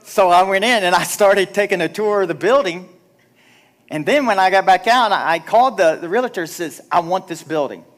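In a church sanctuary, a middle-aged pastor tells stories in a chatty, self-deprecating sermon, voicing the dialogue himself. His high-pitched voice has lively intonation and a fairly quick pace.

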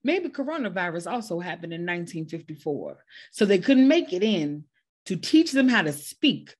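A woman's voice: on the low side, big pitch swings, moderate pace. A woman co-hosting a podcast in casual chat, talking in an emphatic, dramatic way. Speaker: podcast co-host.

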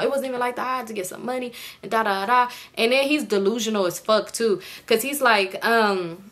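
A young woman telling a casual story to camera, animated, swearing freely and jumping into the voices of the people in it. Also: mid-range voice, fast, hardly any pauses. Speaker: storytime vlogger.

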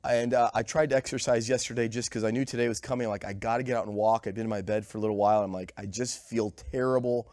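A man's voice: on the low side, fairly even intonation, fast talker, few pauses, darkish tone, no room sound, clean studio sound. A man giving a conversational sermon with a cold, quizzing the congregation and sometimes short of breath. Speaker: pastor. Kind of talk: sermon with audience questions. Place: church sanctuary.

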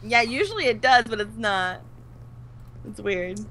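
Bright, giggly woman in casual game chat, animated delivery, light noise. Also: on the high side, measured pace. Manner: giggly, playful banter. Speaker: let's play gamer.

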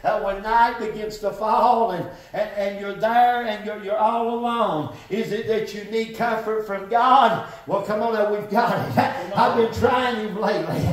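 An older man preaching a sermon, shouting and chanting with sung phrases and occasional coughs. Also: high-pitched, measured pace, hardly any pauses. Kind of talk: Pentecostal-style preaching sermon. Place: church. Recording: echoey church hall, mic far off.

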